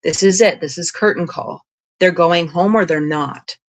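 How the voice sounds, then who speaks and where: A woman guest on an interview podcast, telling long spiritual stories in a rambling, animated way, full of "like" and "you know". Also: on the low side, moderate pace. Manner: rambling, animated, frequent 'like' and 'you know'. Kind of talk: casual interview storytelling.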